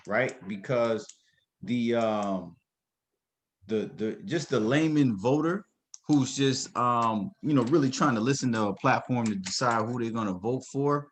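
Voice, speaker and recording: A man's voice: medium pitch, a little slow, a little hiss or hum. A man on a discussion panel, talking casually and earnestly, building to emphatic points.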